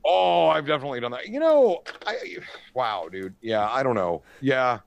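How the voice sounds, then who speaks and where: A middle-aged man telling prank stories in casual chat, animated and profane, often asking "you know what I mean". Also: mid-range voice, moderate pace, gravelly, no room sound, lo-fi sound.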